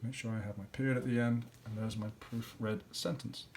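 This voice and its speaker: A man's voice: medium pitch, steady tone, brisk, vocal fry, slight background noise. A man teacher working through practice questions, thinking aloud step by step and sounding out letters and syllables. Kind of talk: classroom lesson walkthrough.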